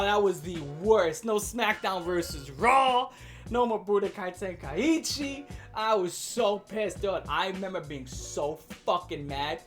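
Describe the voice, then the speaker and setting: A man in his late twenties telling a childhood story in a casual vlog rant, animated and profane, laughing and full of slang. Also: sits high, unhurried, soft background music. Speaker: vlogger ranting about his childhood.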